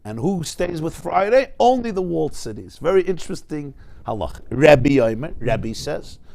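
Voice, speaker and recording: A man with a fairly high voice teaches a Talmud class. He talks straight to his students, firing rhetorical questions and swinging from loud, emphatic bursts to soft asides. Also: sing-song, moderate pace, vocal fry.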